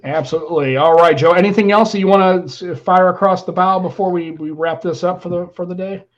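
An American man hosts a casual tech podcast, talking quickly in a slightly high voice. He rambles with restarts and lets phrases fade quietly, and the audio is muffled and lo-fi. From United States. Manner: rambling, animated, trails off quietly at phrase ends. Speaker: podcast host.

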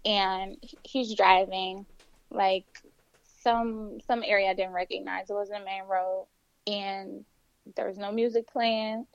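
A woman's voice: mid-range voice, slow, gravelly, no echo, muffled recording. A young woman telling a personal story in casual conversation, acting out the voices of the people in it. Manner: animated, acts out quoted voices. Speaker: guest telling her story.

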